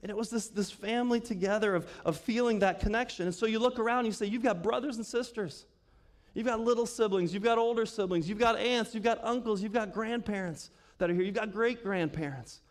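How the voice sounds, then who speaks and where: Pastor, male, high voice, easygoing sermon delivery with questions to the congregation, church hall with long reverb. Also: fairly quick. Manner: conversational, asks the congregation questions, laughs often. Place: church sanctuary.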